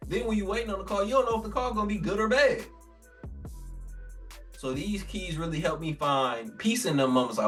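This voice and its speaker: A man's voice: a little high, fast, bright, forceful tone, recorded from a distance, soft background music. A man teaching a scripture lesson. He reads the old text aloud, then explains it in casual slang and acts out the voices he quotes. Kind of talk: informal religious teaching.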